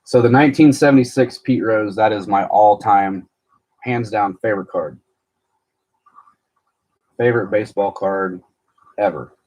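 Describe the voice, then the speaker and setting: A man's voice: lowish voice, unhurried, long pauses, darkish tone. A man chatting casually on a live stream about his baseball card collection, answering viewers' comments as he goes. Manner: rambling, chatty, reads viewer comments aloud.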